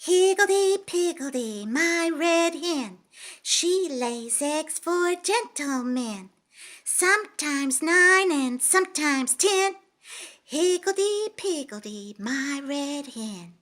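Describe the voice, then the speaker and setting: A woman voicing a sweet little lamb puppet that recites a nursery rhyme in a sing-song, drawn-out way. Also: sits high, animated, a bit bright, full character voice.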